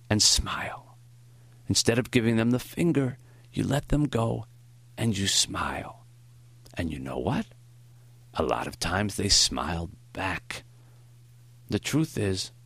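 A man voicing a frail, gentle old male professor in an audiobook, with a foggy, high-pitched voice and slow, earnest speech. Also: gravelly, breathy edge, no echo, heavily acted. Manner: slow, warm, earnest counsel. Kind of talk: audiobook character voice.

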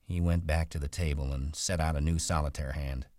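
A man reading a novel aloud in a steady, low-key delivery, voicing the characters himself. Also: normal speed, few pauses, no echo, clean studio sound. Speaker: audiobook narrator. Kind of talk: storybook reading.

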